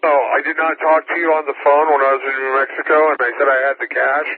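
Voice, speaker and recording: A man with a somewhat high voice argues on the air, profane and relentless, firing the same question again and again. The sound is thin and tinny like a radio transmission. A faint hiss sits beneath him. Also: flat delivery, fast. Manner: profane, insistent, interrogating. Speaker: amateur radio operator. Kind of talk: heated on-air argument.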